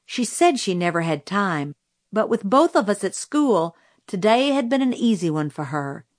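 A woman's voice: medium pitch, big pitch swings, no room sound. Woman narrating a novel, dry sound. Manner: measured storytelling, voicing characters lightly. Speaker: audiobook narrator.

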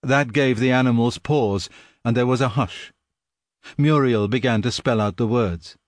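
A man reading a story aloud in steady, measured audiobook narration. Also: mid-range voice, dry recording, clean studio sound. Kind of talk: scripted narration.

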